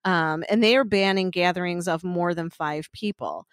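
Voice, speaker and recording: A woman's voice: fairly low pitch, moderate pace, no echo, clean studio sound. A woman co-hosting a podcast in casual chat, rambling and swearing with frequent laughs. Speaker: podcast co-host.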